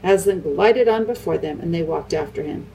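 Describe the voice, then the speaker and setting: A woman reading a children's novel aloud in a calm, measured way. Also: lowish voice, far from the mic, a little hiss or hum, poor audio. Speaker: audiobook reader. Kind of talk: storybook narration.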